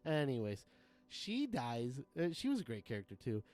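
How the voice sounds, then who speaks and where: A man's voice: mid-range voice, wildly swooping pitch, moderate pace, a little mellow. A man streaming a game live who chats casually, rambling and swearing as he chuckles often, into a desk mic at a home setup.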